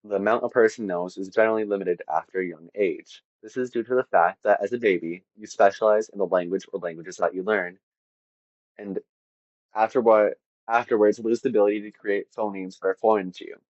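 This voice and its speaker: A man's voice: on the low side, fairly even intonation, fairly quick, darkish tone, dry recording, dull audio. A man narrating an informal lesson on linguistics, casual and self-deprecating with offhand asides. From half Latvian. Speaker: educational video host.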